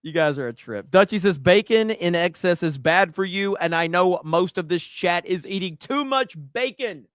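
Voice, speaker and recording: A man's voice: high voice, expressive, normal speed, hardly any pauses, smooth, no room sound, studio quality. A man hosting a casual livestream, reading out viewer comments and ranting in a profane, mock-outraged way. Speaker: livestream host.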